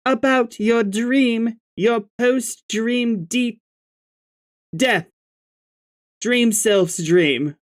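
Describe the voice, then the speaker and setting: Dude doing a posh-ish british alien girl, chatty and bubbly, slow easy pace. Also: very high voice, pitched above the performer's own voice, exaggerated voice. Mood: teasing. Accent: British put-on.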